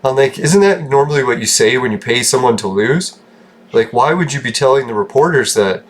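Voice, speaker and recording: A man's voice: medium pitch, expressive, fairly quick. Canadian guy rambling over a game, medium voice, cracks jokes and swears, laughs a lot. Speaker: gaming channel host. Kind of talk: casual gameplay commentary.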